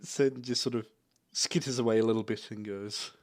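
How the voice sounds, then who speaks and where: A man narrating a tabletop game as game master, lively and animated. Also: on the low side, moderate pace.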